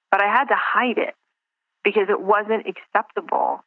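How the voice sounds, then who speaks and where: A woman's voice: mid-range voice, normal speed, no echo. A woman guest talking reflectively in an interview, searching for words and restarting her sentences. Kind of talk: casual interview over the phone. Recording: tinny dry phone line.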